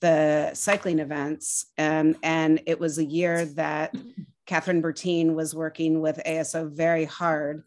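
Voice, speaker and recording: A woman executive director answering interview questions in a measured, earnest way. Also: low voice, level tone, darkish tone.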